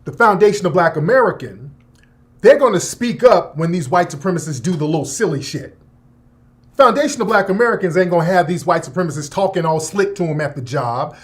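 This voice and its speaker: A man on talk radio speaks fairly quickly in a high-pitched voice, giving an opinionated, profane monologue. He's animated and laughing, tossing out mocking asides in exaggerated voices.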